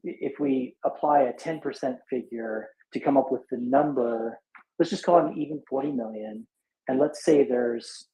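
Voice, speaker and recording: Speaking in a live audio chat room after no sleep, this mid-range-voiced man reasons casually through approximate figures, stumbling with frequent fillers and restarts. An echo from the room is audible.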